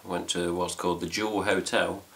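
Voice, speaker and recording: A man's voice: sits low, little pitch movement, moderate pace, gravelly, fairly bright tone. A middle-aged man with an English accent, rambling casually to camera at home as host of a fan news video, swearing lightly as he goes. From England. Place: home room with cats.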